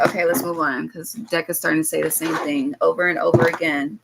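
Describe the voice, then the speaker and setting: A woman's voice: deep voice, fairly even intonation, fairly quick, vocal fry, few pauses, very noisy. A woman giving a loose, casual tarot reading to her viewers, blunt and swearing freely, drifting into chatty asides. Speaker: tarot reader.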